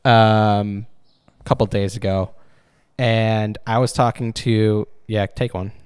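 A man's voice: on the low side, little pitch movement, slow, darkish tone, clear, resonant tone, no echo. A man co-hosting a podcast, chatting casually with blunt, profane, dry humor. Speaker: podcast co-host. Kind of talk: casual crude chat. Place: warm room without cooling.

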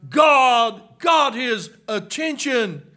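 A man preaching a revival sermon, swinging from hushed murmurs to shouted peaks and coming back again and again to a "my, listen, friend" refrain. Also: extremely high pitch, animated, extremely slow, faint music behind.

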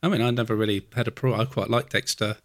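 A man from Essex hosting a casual interview, relaxed and encouraging, laughing along with his guest. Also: on the low side, fast, no room sound. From Essex, England. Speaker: podcast host. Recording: dry close mic with faint music.

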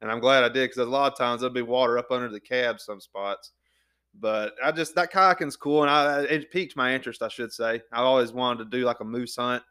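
A man's voice: mid-range voice, steady tone, brisk, sharp tone, smooth. A man hosting a podcast, folksy and eager in a casual chat. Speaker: podcast host.

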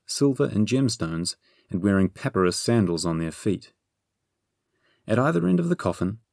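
A man reading a storybook aloud in steady, measured narration. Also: fairly low pitch, creaky, no room sound, clean studio sound. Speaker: audiobook narrator.

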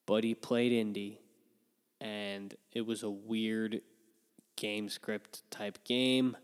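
A man in a casual fantasy football chat, opinionated and animated, with filler ums and yawns between points. His voice is smooth and resonant, and it carries a long reverb. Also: fairly low pitch, takes it slowly. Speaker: fantasy football podcast host. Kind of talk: casual sports analysis chat.

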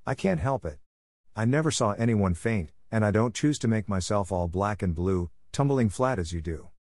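A man's voice: lowish voice, animated, moderate pace, darkish tone, no echo. Brief: a man doing a proper, fussy little girl, dry close read. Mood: prim. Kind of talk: audiobook character voice.

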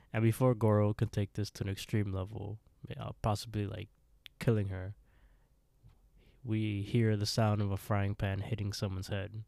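Guy on a podcast walking through a horror story, slow and mellow, dry close sound. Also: fairly low pitch, gravelly, dry recording. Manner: relaxed storyteller acting out lines, laughs often. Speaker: podcast co-host. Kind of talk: casual chat retelling a horror story.

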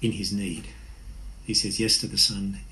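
A man's voice: lowish voice, steady tone, measured pace, bright, forceful tone, poor audio. A man preaching an earnest, conversational sermon. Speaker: pastor.

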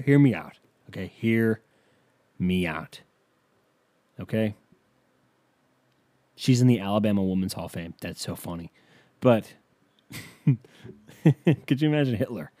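A man with a mellow, middle-pitched voice riffing sarcastically on a comedy podcast, swearing freely as he reads aloud. The sound is dry and close, with no room around it. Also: dry recording. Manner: irreverent, sarcastic, profane. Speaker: podcast host.

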